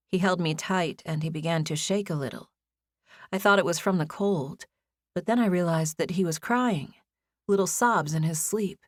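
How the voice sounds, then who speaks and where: A young woman reads a first-person audiobook with a gentle, intimate storytelling manner. Her voice sits a little low, and the recording is dry and close, with no room sound. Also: dry recording. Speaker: audiobook narrator. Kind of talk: scripted first-person narration.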